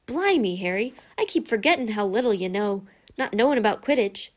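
A woman reader voicing a gruff, big-hearted giant groundskeeper who drops his g's and talks in a hearty, folksy way. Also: medium pitch, expressive, a little fast, lightly acted.

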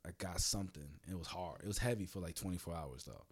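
A man in casual podcast chat, telling stories loudly and animatedly and swearing a lot. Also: deep voice, fast talker, slightly rough.

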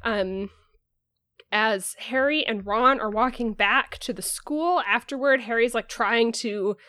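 A woman's voice: a little high, slow, sharp tone, dry recording. A woman podcast host giving a casual, rambling recap of a book chapter, full of "um" and "like". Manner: rambling, filler-heavy, lots of "like" and "um".

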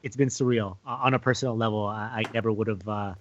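A man co-hosting a podcast in casual chat, joking and laughing, with halting restarts. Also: lowish voice, fairly even intonation, slight background noise. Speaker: podcast co-host. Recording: dull lo-fi sound.

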